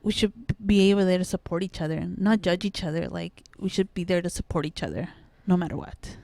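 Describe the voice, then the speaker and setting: A young adult woman guest telling a painful personal story in casual conversation, halting and full of restarts. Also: on the low side, vocal fry, dark tone, no room sound. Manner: halting, many restarts and "like"s, voices her child in quotes.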